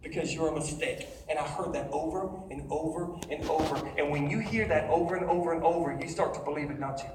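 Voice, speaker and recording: A man's voice: fairly high pitch, fast, few pauses, darkish tone, echoey room, far from the mic, a little hiss or hum, rough recording. A man preaching a sermon to a gathered audience, emphatic and asking the crowd questions as he goes. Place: large room with an audience.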